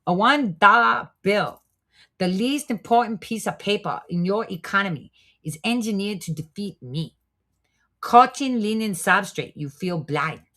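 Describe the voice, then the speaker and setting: A woman's voice: low-pitched, fairly bright tone. A woman voicing a smug male foreign spy who taunts Americans, reading his lines dramatically with a mocking, lecturing tone.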